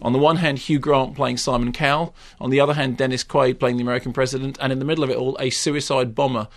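A man reviewing films on a radio chat show, opinionated and given to exasperated rants that climb in pitch. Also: steady tone, quick pace. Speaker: film critic.

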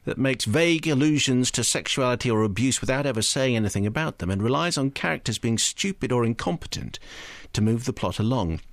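A man's voice: mid-range voice, animated, a little fast, dry recording. A man hosting a radio film show who puts needling questions and reads out listener messages.

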